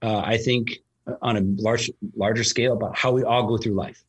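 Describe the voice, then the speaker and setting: A man's voice: medium pitch, steady tone, brisk, breathy edge. A man talking casually as a host, telling a long story with lots of fillers and restarts. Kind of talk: casual conversation.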